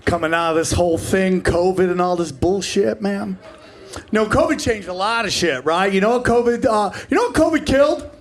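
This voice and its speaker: Brash high-voiced man doing stand-up comedy. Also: animated, normal speed. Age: 40s. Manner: brash and profane, shouting punchlines and acting out quoted voices. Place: comedy club stage in front of a live audience.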